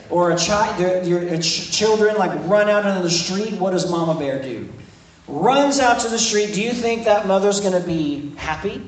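High-voiced preacher in an echoey room. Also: male voice, recorded from a distance. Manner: conversational preaching, repeats words and restarts. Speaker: pastor. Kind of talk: evening sermon with scripture reading. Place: church service in a room. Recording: echoey room, speaker off-mic, faint noise.

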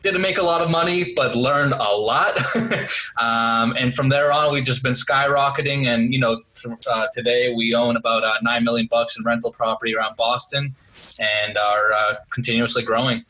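A man speaking as a guest on a podcast interview over a remote call, telling his story in a relaxed way with many fillers. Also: medium pitch, moderate pace, poor audio. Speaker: podcast guest, real estate investor. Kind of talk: casual interview chat. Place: Boston area.

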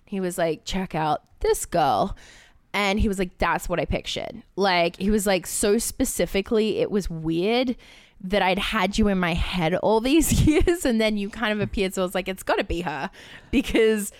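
A woman's voice: medium pitch, moderate pace, clean tone, dry recording. A young Australian woman, an actress being interviewed, telling her story in a chatty way, often quoting others and laughing. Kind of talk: casual interview chat.

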